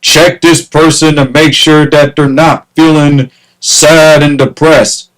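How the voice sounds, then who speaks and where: A man's voice: fairly high pitch, flat delivery, slow pace, a bit bright, poor audio. A man ranting casually to camera, exasperated, repeating himself and breaking into laughter. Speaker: vlogger.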